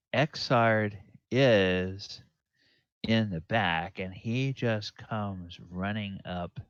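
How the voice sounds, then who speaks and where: A man narrating a tabletop game as dungeon master, halting and musing aloud. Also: sits low, no echo, lo-fi sound. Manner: halting, many fillers and restarts, musing aloud.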